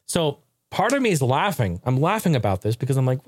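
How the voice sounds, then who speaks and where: Male host for a casual tech chat: profane and animated, laughs a lot, slightly high voice, recorded dry. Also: brisk, few pauses, no echo.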